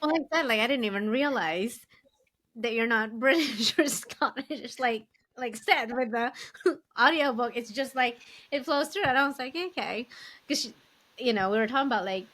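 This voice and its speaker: A woman's voice: a little high, moderate pace, a bit bright. A woman co-hosting a casual podcast interview, chatty and giggly, with lots of "like" and "you know". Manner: giggly, chatty, filler-heavy. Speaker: podcast co-host.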